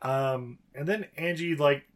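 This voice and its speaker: A man's voice: a little high, unhurried. A man co-hosting a podcast, rambling casually through a film plot with lots of fillers. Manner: rambling, many fillers, acts out characters. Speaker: podcast co-host.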